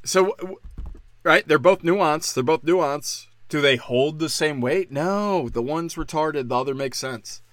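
A man's voice: on the high side, measured pace, dry recording. A man hosting a solo podcast, ranting angrily and sarcastically with lots of swearing. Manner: angry, sarcastic, heavy swearing. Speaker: podcast host. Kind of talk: profane solo podcast rant.

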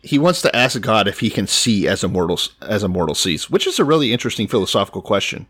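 A man's voice: lowish voice, big pitch swings, fast talker, a bit bright, husky. A man co-hosting a podcast, walking through scripture chapter by chapter in casual chat with wry remarks. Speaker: podcast co-host.

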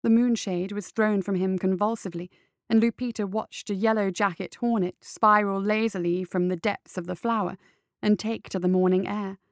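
Woman narrator, low and gravelly, steady storybook reading, close dry sound. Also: moderate pace, no room sound. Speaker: audiobook narrator. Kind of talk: scripted narration.

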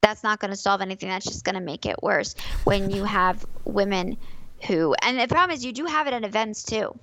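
A woman's voice: medium pitch, a little fast, a bit bright, a little hiss or hum, poor audio. A woman who competes in fighting games, talking as a podcast guest in an emphatic way and repeating her key phrases. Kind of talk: casual podcast conversation.

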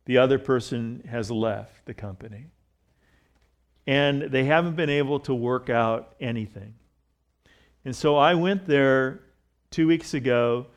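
A man's voice: medium pitch, smooth. Middle-aged man preaching conversationally. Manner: conversational preaching with jokes and stories, many restarts. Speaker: pastor. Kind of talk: sermon. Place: church.

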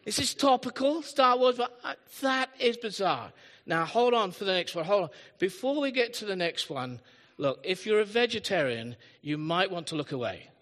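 A man's voice: sits high, big pitch swings, normal speed, fairly bright tone. A man preaching a live sermon as pastor, telling chatty stories with humorous asides in a church hall. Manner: chatty storytelling with asides and self-deprecating humor. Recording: long hall reverb.

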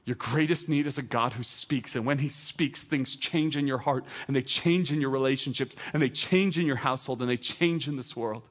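A man's voice: medium pitch, normal speed, few pauses, a bit bright. A man, a teaching pastor, preaching a conversational sermon outdoors, often repeating words and building to urgent, raised appeals. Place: outdoor service.

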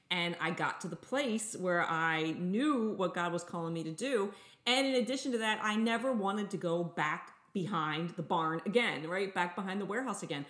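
Woman, co-host, earnest faith storytelling, lowish voice, roomy echo. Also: fairly bright tone. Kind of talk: faith-based podcast chat.

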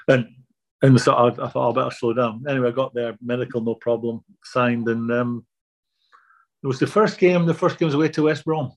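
An older man being interviewed, telling anecdotes in a relaxed, self-deprecating way. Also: mid-range voice, slightly rough. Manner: anecdotal, self-deprecating, repeats words when starting. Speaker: guest.

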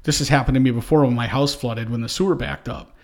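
A middle-aged man hosting a podcast from his home basement studio, telling a story with energy and acting out his own shouting. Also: medium pitch, quick pace. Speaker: podcast host. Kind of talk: casual chat.

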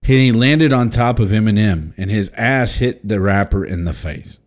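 A man's voice: on the low side, moderate pace. A man hosting a casual podcast, reading out headlines and joking crudely. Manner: crude, jokey, swings between loud and mumbled. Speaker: podcast host.

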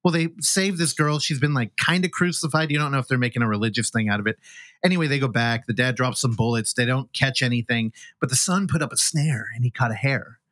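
A man's voice: mid-range voice, fast, fairly bright tone, dry recording. A man hosting a film podcast, casually recapping a movie's plot with joking asides. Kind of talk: casual film review chat.

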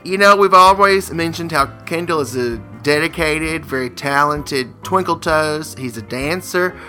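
A man co-hosting a comedy show's game segment, playful and quick to laugh as he reads jokes aloud. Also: on the high side, sharp tone, soft background music. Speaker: co-host.

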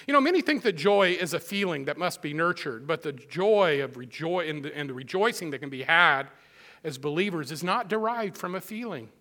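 Male pastor, high bright voice, emphatic sermon with repeated lines and folksy asides. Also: animated, a little fast. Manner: emphatic, repeats phrases for stress; conversational asides to the congregation.

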